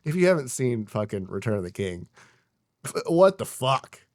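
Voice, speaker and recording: A man's voice: mid-range voice, big pitch swings, normal speed, a little mellow. Young man, podcast co-host, casual rambling chat, heavy swearing, filler words.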